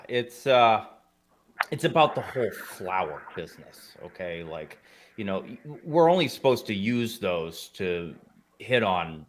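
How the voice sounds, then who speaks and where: An improv performer playing a father who stammers and scolds his son in exasperation. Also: on the low side. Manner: hesitant, exasperated. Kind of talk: live improv comedy.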